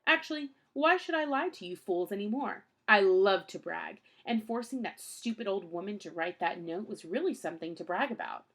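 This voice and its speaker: A woman voicing a scheming villainous man who gloats slowly and menacingly while she reads a storybook aloud. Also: medium pitch, animated, fairly bright tone. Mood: gloating.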